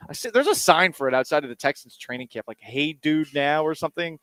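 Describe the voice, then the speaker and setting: A man's voice: a little high, big pitch swings, quick pace, bright, forceful tone, no room sound. A man hosting a sports radio show, talking casually in a sarcastic, rambling, self-mocking way.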